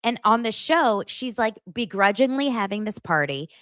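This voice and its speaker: A woman's voice: on the high side, expressive, normal speed, fairly bright tone, smooth, no echo. A young woman hosting a podcast, chatting casually and retelling reality-show scenes with lots of fillers. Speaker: podcast host. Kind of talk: casual pop-culture chat.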